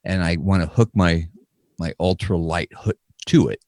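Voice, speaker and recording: A man with a very deep voice talks loosely with his co-hosts, tripping over fillers. He has a faint lisp from fresh stitches in his mouth. The sound is dry and close. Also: steady tone, normal speed, darkish tone, dry recording. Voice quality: filler-heavy, rambling storytelling. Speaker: podcast co-host. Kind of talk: casual chat.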